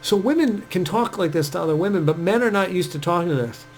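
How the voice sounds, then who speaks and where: A man's voice: sits high, expressive, fast talker, a little hiss or hum, low-quality recording. A man giving casual dating advice, chatty and full of fillers, acting out quoted speech as he goes. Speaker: dating coach.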